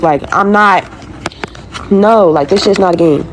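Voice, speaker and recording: A woman's voice: medium pitch, measured pace, pauses often, a little hiss or hum. A young woman venting a profane, exasperated rant to her followers, repeating herself as she talks about her struggles. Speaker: woman in a viral video clip.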